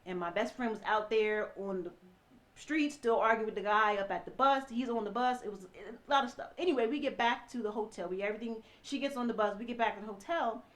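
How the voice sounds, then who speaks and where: Woman, 30s, slightly high voice; personal testimony, earnest, restarts phrases, speaks to the audience. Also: a little fast, a bit bright. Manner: earnest, repeats herself while recounting events; addresses listeners directly. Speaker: ex-wife telling her story.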